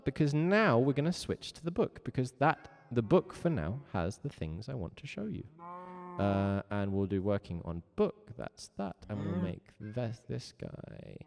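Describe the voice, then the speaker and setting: A man's voice: creaky, a little mellow, big-room sound. Playful man teaching a music lesson. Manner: playful, jumps to high meows and moos. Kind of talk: live-streamed music lesson. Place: home room with a cello on the wall.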